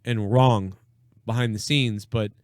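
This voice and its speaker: A young man hosts a casual political reaction stream live, bluntly sarcastic and swearing plenty. His fairly low voice is steady, slow and darkish, recorded clean in a studio with no room sound.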